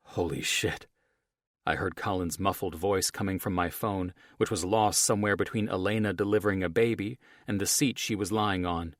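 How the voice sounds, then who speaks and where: A male audiobook narrator reading in first person with a wry, profane, lively storytelling manner. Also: low-pitched, normal speed, no room sound, clean studio sound.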